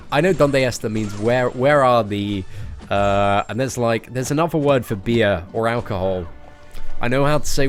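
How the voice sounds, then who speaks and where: A man's voice: lowish voice, gravelly. A British man streaming a game live, chatting casually with viewers in a playful, joking way and laughing often.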